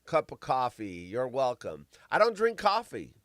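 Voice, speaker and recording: Animated, profane man hosting a live chat. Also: mid-range voice, measured pace, no room sound. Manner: rambling, profane, swings between loud and mumbled. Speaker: podcast host. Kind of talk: casual live-stream chat.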